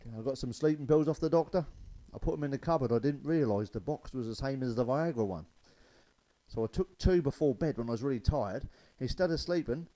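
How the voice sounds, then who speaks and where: A man's voice: mid-range voice, fairly quick, warm tone, rough recording. A man telling stand-up jokes, loose and chatty, chuckling at his own punchlines. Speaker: stand-up comedian.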